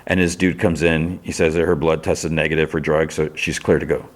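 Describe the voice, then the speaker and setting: A man's voice: rumbling low, level tone, a little fast. A man hosting a podcast, casually recapping a TV episode in a rambling way with many restarts. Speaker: podcast host.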